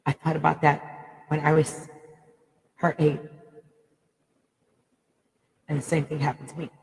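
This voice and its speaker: Raw, gravelly-voiced woman in echoey room. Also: low-pitched, level tone, normal speed, a little mellow. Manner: raw, blunt, swears freely. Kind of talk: emotional personal monologue.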